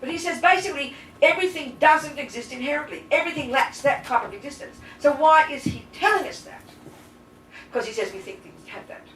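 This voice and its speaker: A woman teaching as a Buddhist nun to a live class, blunt and lively, firing rhetorical questions at her listeners. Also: high voice, a little fast, faint music behind. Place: teaching room with audience. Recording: roomy echo, distant mic, faint hiss.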